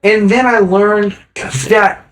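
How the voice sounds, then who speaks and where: A man's voice: sits high, fairly even intonation, takes it slowly, a bit bright, low-quality recording. A man chatting casually as a podcast guest, tipsy from drinking, rambling and emphatic, swearing freely. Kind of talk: casual chat.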